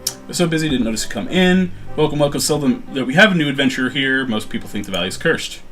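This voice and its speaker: A chatty old adventurers' guildmaster who rambles on about the valley's troubles, read out by a man playing a computer game. The delivery swings through a lively pitch range, and soft music sits far behind it. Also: fast, close to an everyday voice. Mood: rambling. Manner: reads a game character's lines aloud, near his own voice.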